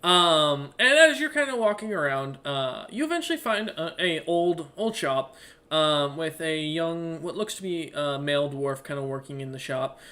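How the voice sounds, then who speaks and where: A man running a tabletop game as game master, narrating scenes in a relaxed, rambling way. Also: fairly high pitch, normal speed.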